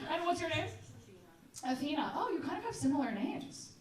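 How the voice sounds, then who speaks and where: A young woman doing stand-up crowd work, brash and quick, laughing between jokes. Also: sits high, big pitch swings. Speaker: stand-up comedian. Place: comedy club stage before a live audience. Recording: roomy live mic from a distance, loud crowd.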